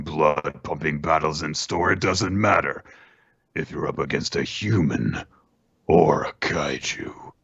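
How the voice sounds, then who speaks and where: A man voicing a menacing, battle-hungry male kaiju monster, speaking slowly and low. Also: gravelly, a bit bright, husky, dry recording, lo-fi sound, full character voice. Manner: slow, low, measured delivery.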